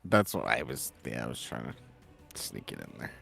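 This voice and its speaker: A man's voice: a bass voice, sing-song, normal speed, gravelly, over loud music. A man playing a tabletop game, joking and playful in casual chat. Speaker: player.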